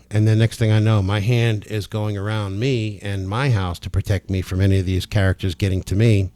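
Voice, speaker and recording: A man talking as a spiritual healer in a casual, emphatic monologue, excited and emotional enough to be near tears. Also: lowish voice, a little fast, few pauses, no echo. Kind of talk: casual testimonial monologue to camera.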